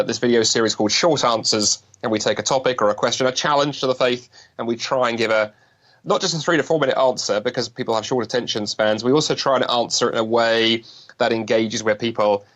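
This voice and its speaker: A man from London with a British accent who rattles along quickly as a podcast guest. His speech is full of restarts and small jokes. The audio has a dull, lo-fi sound. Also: mid-range voice. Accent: British English. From London, England. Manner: fast, lively, joking, many restarts. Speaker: guest speaker. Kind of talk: podcast interview.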